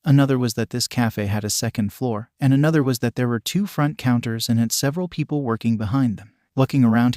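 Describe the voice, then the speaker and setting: A man with a mid-range voice narrates a story at a steady, even pace. He keeps the delivery flat and measured, barely shifting for the characters. The sound is dry and close, with no room around it. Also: medium pitch, no echo. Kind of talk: scripted fan-fiction narration.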